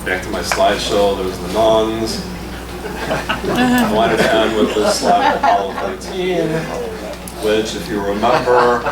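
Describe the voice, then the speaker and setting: A man's voice: on the low side, big pitch swings, slow, gravelly, heavy background noise. A man giving an upbeat, conversational keynote talk to a conference audience. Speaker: keynote speaker. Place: large conference hall. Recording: echoey hall, mic from a distance.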